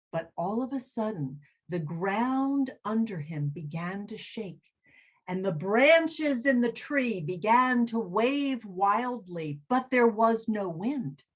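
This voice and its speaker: Head-of-school woman reading to kids: very animated melody, slow, dramatic pacing. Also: medium pitch. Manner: expressive, dramatic read-aloud. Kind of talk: children's storytelling.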